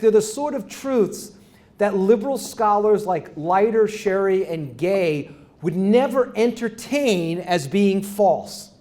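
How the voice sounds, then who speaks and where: A man's voice: sits high, a little mellow. A middle-aged man giving an academic lecture, often restarting phrases and checking with the audience. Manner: rambling restarts, asks the audience "right?". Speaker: university lecturer.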